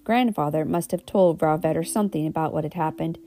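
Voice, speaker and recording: A woman reads an old children's storybook aloud in a homely way, stopping for asides and correcting her slips. Her voice is low and gravelly with a mellow tone, and soft guitar plays faintly underneath. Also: brisk. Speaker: reader.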